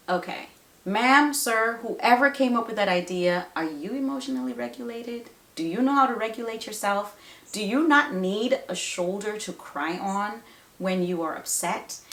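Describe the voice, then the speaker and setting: A woman's voice: medium pitch, echoey room. A woman nurse and mother giving parenting advice straight to camera, emphatic and full of rhetorical questions. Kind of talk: direct-to-camera advice talk.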